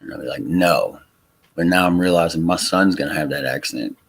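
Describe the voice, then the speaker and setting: Low-voiced louisiana guy hosting a stream, lots of ums and restarts. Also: vocal fry, slight background noise. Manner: halting, lots of fillers and restarts. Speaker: livestream host. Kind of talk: casual chat. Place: Texas home.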